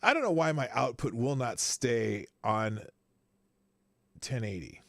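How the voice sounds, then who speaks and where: Gravelly middle-aged man hosting a livestream. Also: mid-range voice, animated, measured pace, a bit bright, no room sound. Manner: rambling and loose, swears offhandedly. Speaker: livestream show host. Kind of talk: casual livestream chat. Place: small home streaming studio.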